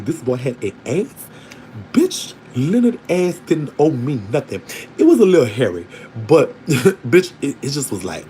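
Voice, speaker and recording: A man in the middle of a long, candid story, speaking at an ordinary, mid-range pitch. His delivery is animated and unfiltered, and he laughs often as he talks. A faint noise sits under the recording. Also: poor audio. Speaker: storytelling vlogger. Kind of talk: casual storytelling to an online audience.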